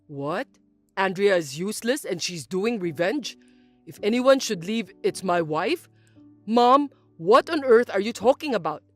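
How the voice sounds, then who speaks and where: A woman voicing a patient adult son who answers his mother in a low, measured way, in a dramatized story reading. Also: animated, soft background music. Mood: firm. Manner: measured, reasoning, low and firm.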